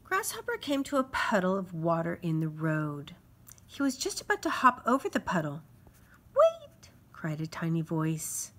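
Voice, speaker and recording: A woman reading a children's storybook aloud in an expressive, sing-song way. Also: fairly low pitch, normal speed. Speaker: storybook reader.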